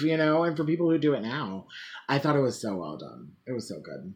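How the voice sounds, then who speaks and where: Chatty woman, profane and animated. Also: rumbling low, a little fast. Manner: animated, swearing, lots of fillers. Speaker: podcast co-host. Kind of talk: casual chat.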